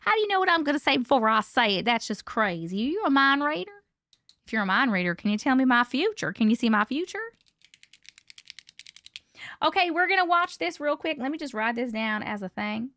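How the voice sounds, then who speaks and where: A woman with a high voice runs a relaxed live stream from home and chats with her viewers as she goes. She sounds playful, laughs a lot and swears lightly, with a slight cough here and there. The sound is dry and close, with little room echo. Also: fairly quick. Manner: chatty, playful, laughs often, swears casually. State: coughing, needs a cough drop. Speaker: livestream host reading viewer stories.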